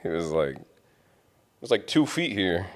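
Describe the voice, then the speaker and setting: Deep-voiced man telling a story. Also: moderate pace. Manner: animated storyteller, swears freely. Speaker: podcast co-host. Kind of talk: casual storytelling chat.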